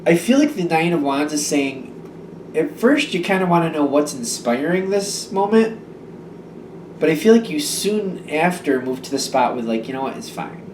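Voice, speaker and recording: A man's voice: on the high side, animated, moderate pace, a little mellow, a little hiss or hum. A man giving a casual tarot reading, rambling and hesitant, with many fillers and restarts. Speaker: tarot reader. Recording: echoey room, voice from a distance.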